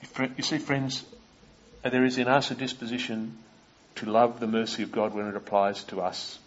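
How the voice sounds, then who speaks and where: A man with a husky voice preaches a sermon and retells old stories with lively questions to his listeners. The recording sounds dull and lo-fi. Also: medium pitch, moderate pace. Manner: storytelling, asking the listeners questions.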